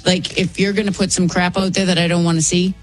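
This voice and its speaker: A woman co-hosting a radio show, chatty and quick in casual banter. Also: fairly low pitch, level tone. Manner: chatty, quick, laughing easily. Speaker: radio co-host.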